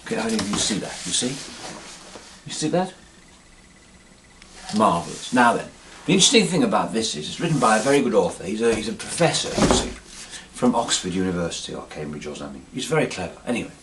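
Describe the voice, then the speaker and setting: Middle-aged man, pompous rambling comic monologue, low and lively delivery. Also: brisk, background noise. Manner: rambling, pompous, keeps saying "you see". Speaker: comedic monologue performer.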